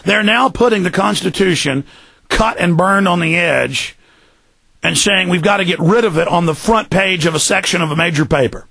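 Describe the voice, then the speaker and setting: A man's voice: sits high, moderate pace, creaky, pushed and bright, husky, no echo. A man hosting a talk radio show, ranting in fury, often mocking the people he attacks in put-on voices. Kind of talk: angry political radio rant.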